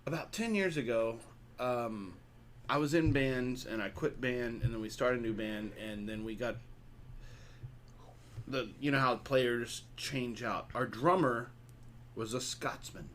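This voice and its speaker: A man's voice: medium pitch, a little slow, a bit bright, slight background noise. Laughing Texan man rambling in chat. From Texas. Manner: rambling, laughing storyteller with many restarts. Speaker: podcast co-host. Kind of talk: casual chat.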